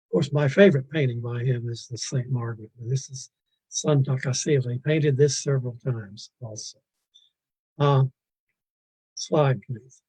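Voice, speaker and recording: A man's voice: medium pitch, unhurried, mellow, breathy edge, low-quality recording. A man lecturing on paintings in a virtual museum talk, wandering off on asides, restarting his sentences and poking fun at himself. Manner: digressive, self-deprecating, stumbling restarts. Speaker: art lecturer.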